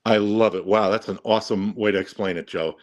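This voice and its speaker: A man's voice: fairly low pitch, steady tone, brisk, muffled recording. A man interviewing a trading host, asking enthusiastic, leading questions.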